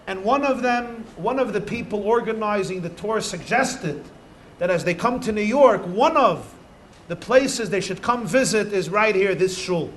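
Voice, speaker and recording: A man, a rabbi, telling stories to children in an animated way, stretching key words for emphasis. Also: high-pitched, a little slow, slight background noise. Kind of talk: storytelling talk to children.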